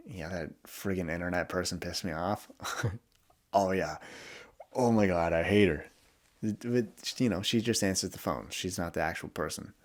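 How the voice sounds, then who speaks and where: A young man hosting a podcast, talking candidly and vulnerably in a reflective monologue, often halting and restarting. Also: deep voice. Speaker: podcast host.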